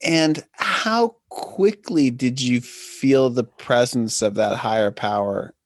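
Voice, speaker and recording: Slow, soft-spoken male interviewer. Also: medium pitch. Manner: soft-spoken, brief affirmations, slow questions. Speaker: podcast host.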